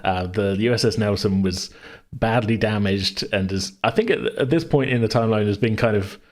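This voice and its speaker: A man hosting a tabletop podcast, chatting casually in a relaxed, rambling way and laughing often. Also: lowish voice, moderate pace. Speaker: game master and podcast host. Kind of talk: casual chat.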